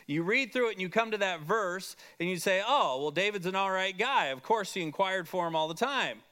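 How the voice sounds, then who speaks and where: A man with a bright, slightly high voice teaches a Bible class. He explains each passage step by step and keeps checking in with his listeners with "okay?". He fills his pauses with plenty of "uh"s.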